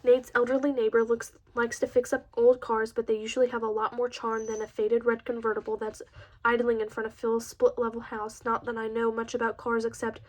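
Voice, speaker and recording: A woman reads a novel aloud in the first person, moving steadily through the narration with the odd stumble and restart. Her voice sits fairly high and stays flat and even. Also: a little fast, rough recording. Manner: steady reading with small slips and restarts. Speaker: audiobook reader.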